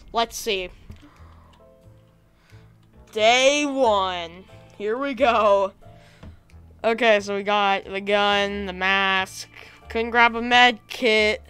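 A woman with a raspy, hoarse voice from being sick, giving chatty let's-play commentary, thinking aloud and bursting into excited cheers. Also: mid-range voice. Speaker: gaming video creator.

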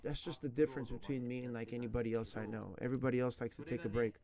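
A man's voice: mid-range voice, fairly even intonation, fast, few pauses. A man in his thirties chatting casually as a language teacher streaming online, slangy, rambling and earnest. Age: 30s. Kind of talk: casual chat.

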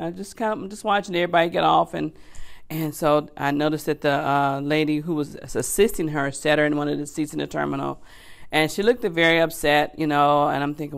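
Gravelly-voiced woman telling her testimony. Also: low-pitched, moderate pace. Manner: animated, acts out her own inner thoughts; conversational, with frequent "you know" and "okay". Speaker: church member giving a testimony. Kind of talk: personal testimony storytelling.

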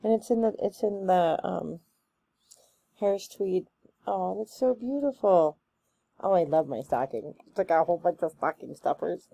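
A woman chatting casually through a gift box unboxing, gushing and excitable, with plenty of ums and likes. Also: fairly low pitch, moderate pace, vocal fry, slightly rough, dry recording. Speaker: unboxing vlogger.

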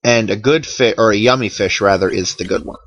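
A man's voice: on the low side, a little fast, fairly bright tone, lo-fi sound, slight background noise. Tired, wry man doing game commentary. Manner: chatty, wry, tired and yawning. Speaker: let's play commentator.

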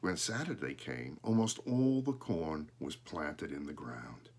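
A man reading a children's storybook aloud, pausing now and then to point out the pictures. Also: very deep voice, big pitch swings, a little mellow, husky.

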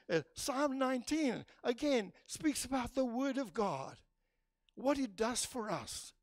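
Animated preacher with emphatic swings. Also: male voice, high voice, dry recording, studio quality. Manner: emphatic, animated, with frequent restarts. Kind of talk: sermon. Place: church.

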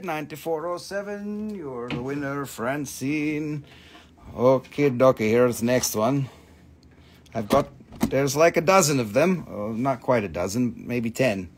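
A middle-aged man with an Appalachian accent hosts a casual live sales stream, talking loosely about his stones, swearing freely and reading out prices and buyer numbers. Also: medium pitch. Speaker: live-stream crystal seller.

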